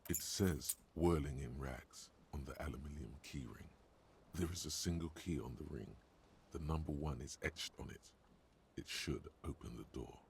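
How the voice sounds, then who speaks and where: A man's voice: very deep voice, moderate pace, vocal fry, darkish tone, a little hiss or hum. A man voicing a grave narrator in a video game, telling the scene in a dry, grimly witty way.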